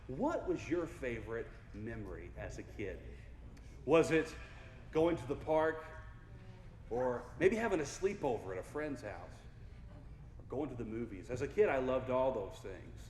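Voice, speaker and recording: A young man of medium pitch and a darkish tone gives a very animated motivational keynote at a moderate pace, joking playfully and drawing the large crowd in. The audio is echoey, taken from far off in a hall, with a little hiss or hum.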